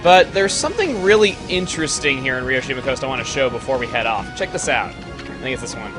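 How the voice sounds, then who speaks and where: A man giving casual, joking commentary over his gameplay, breaking into loud excited exclamations. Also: medium pitch, fast talker. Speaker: let's play commentator. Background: game music.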